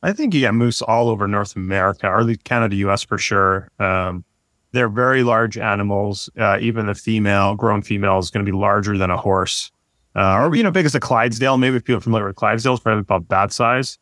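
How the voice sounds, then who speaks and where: A man's voice: lowish voice, quick pace, no room sound, studio quality. A man in his forties, a podcast guest telling a story casually, rambling with many fillers and restarts. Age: 40s. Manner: rambling, lots of fillers and restarts, lively when retelling.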